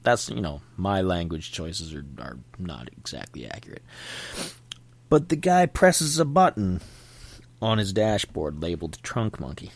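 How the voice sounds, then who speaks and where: A man's voice: on the low side, no room sound. A man hosting a podcast, rambling chattily about things he remembers and often interrupting himself. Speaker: podcast host. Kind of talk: casual rambling monologue. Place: indoors at home.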